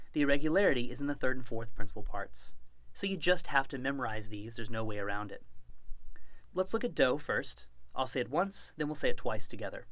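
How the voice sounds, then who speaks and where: A man teaching a recorded Latin lesson, reciting verb forms slowly and clearly and inviting the listener to repeat after him. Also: mid-range voice, a bit bright, dry recording. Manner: slow, deliberate, clearly enunciated recitation. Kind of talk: recorded language lesson with call-and-response drills.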